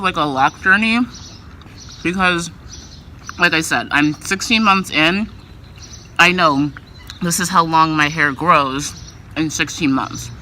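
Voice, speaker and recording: A woman's voice: fairly low pitch, sharp tone, a little hiss or hum. A woman vlogger talking in a casual, loose way, full of filler words. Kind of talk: casual vlog chat.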